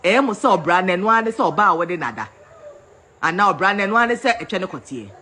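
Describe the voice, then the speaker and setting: A woman's voice: medium pitch, expressive, fairly quick, pushed and bright. A Ghanaian woman in a heated rant, scolding and repeating herself as she switches between English and Twi. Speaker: vlogger.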